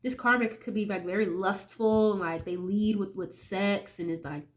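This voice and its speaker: Mid-range in pitch and moderately paced, a young woman chats through an informal tarot reading, sniffly from the tail end of a cold. She frequently checks in with "okay?" and swears in a casual way.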